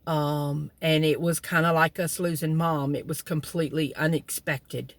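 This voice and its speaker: With a deep voice, fairly even intonation, and an unhurried pace, a middle-aged vlogger tells folksy family stories from her car. She chuckles as she talks, and the recording is dry.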